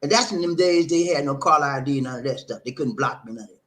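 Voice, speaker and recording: A man's voice: mid-range voice, fast talker, a bit bright. A middle-aged man, telling viewers a personal story in an emphatic way, often tagging on "man" and laughing at himself. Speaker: vlog host.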